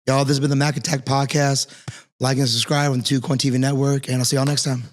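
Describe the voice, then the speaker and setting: A man's voice: mid-range voice, level tone, fast talker. A man hosting a casual interview podcast, talking earnestly and rambling with many restarts and fillers. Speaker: podcast host and martial arts instructor.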